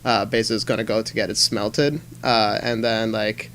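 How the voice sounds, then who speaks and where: A young man co-hosting a podcast, rambling in halting casual chat with many fillers. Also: on the low side, steady tone, fairly bright tone, a little hiss or hum. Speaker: podcast co-host.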